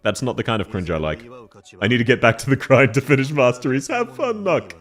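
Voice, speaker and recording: A man's voice: mid-range voice, expressive, fast talker. A man streaming a Q&A, answering chat questions in a playful, teasing way and laughing often.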